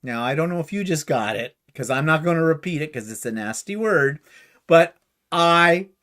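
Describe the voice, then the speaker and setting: Middle-aged man from Canada, chatty storyteller, fairly high voice, very lively pitch, casual livestream chat. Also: moderate pace. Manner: chatty storyteller, laughs easily. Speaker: co-host.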